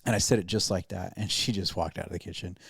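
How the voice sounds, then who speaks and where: A man's voice: low-pitched, steady tone, quick pace, creaky, fairly bright tone, breathy edge, no room sound. A man, a pastor and podcast host, telling a self-deprecating story in casual chat with lots of restarts.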